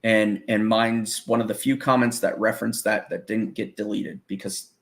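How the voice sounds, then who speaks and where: A man with a low, gravelly voice talks loosely and at length. He swears constantly and breaks into laughter between thoughts, the way people talk in a relaxed hangout. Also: normal speed. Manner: rambling, swears freely, laughs often. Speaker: guest musician. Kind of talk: casual profane chat.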